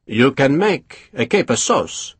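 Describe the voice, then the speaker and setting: A male narrator voicing a genial, gentle-mannered French marshal in an audiobook. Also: mid-range voice, very animated, slow pace, husky, dry recording, heavily acted.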